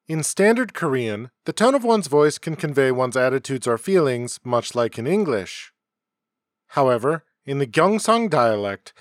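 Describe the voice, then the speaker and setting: Male podcast host, fairly high voice, calm scripted explainer, dry close sound. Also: no echo. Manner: measured, explanatory delivery. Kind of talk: scripted educational narration. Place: home setup, dry sound.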